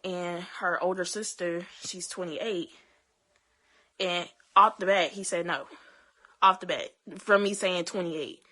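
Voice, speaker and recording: A young woman telling her own story to her viewers, halting, with many fillers and restarts. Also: fairly low pitch, fairly even intonation, pushed and bright. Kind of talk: emotional personal storytelling to camera.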